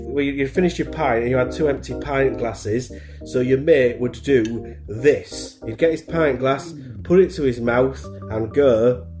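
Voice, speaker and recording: A man with a Humber English accent chats in a rambling, self-mocking way, his voice stuffy from hay fever. His pitch sits in the middle, and music plays clearly behind him. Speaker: podcast contributor. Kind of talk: casual chat.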